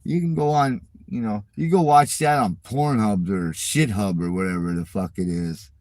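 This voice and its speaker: A man's voice: on the low side, normal speed, darkish tone, no echo. Profane, mocking middle-aged man ranting. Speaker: channel host. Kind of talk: casual rant at viewer comments.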